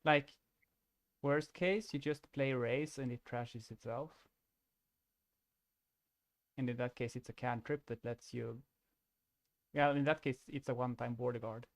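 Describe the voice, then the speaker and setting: A man commenting casually on a card game, thinking out loud and often restarting his sentences. His voice sits at a middle pitch. The sound is dry and close, with no room around it. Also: unhurried, long pauses, no echo. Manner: rambling, restarts often, laughs easily.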